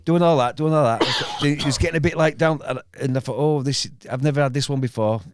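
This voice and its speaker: Fast-talking man, stumbling anecdote. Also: on the high side, a little hiss or hum. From England. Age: 50s. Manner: rambling anecdote with many restarts and repeated phrases. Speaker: podcast host. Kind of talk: casual storytelling chat.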